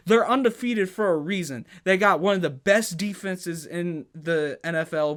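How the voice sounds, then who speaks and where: This man's voice is high-pitched and slightly bright as he hosts a sports podcast. Arguing with heat, he stumbles, restarts, and keeps hammering his case through rhetorical questions.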